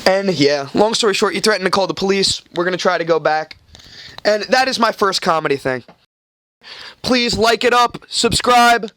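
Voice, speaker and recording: A man's voice: high-pitched, lively intonation, a little fast, bright, forceful tone, dry recording. Young man telling a rambling story. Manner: rambling, swears a lot, acts out quoted people. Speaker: podcast host. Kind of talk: casual storytelling chat.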